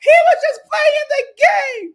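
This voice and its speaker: A woman's voice: extremely high pitch, a little slow, raised voice, pitched above the performer's own voice. A woman acting out a sobbing, shrieking young woman. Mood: sobbing shouts. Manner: shrieking, tearful outbursts.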